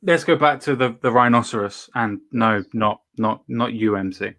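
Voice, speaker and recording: A man's voice: mid-range voice, normal speed, a bit bright. Man hosting, swearing and restarting. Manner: swears freely, talks in restarts. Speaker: show host. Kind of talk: casual chat.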